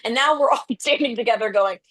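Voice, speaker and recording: A woman political commentator on a panel, animated and lively, acting out the voices of people she quotes. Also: on the high side, quick pace. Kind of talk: panel discussion.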